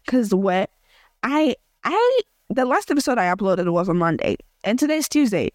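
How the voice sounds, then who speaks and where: A woman's voice: fairly high pitch, big pitch swings, moderate pace, no echo, clean studio sound. A young woman from Africa hosting a casual audio journal podcast, chatty and rambling with many fillers and restarts. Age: young adult. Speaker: podcast host.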